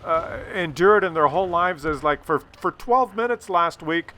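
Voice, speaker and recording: A man's voice: a little high, lively intonation, normal speed, few pauses, pushed and bright. An older man telling a rambling, sarcastic, profane story as a gaming YouTuber talks over gameplay.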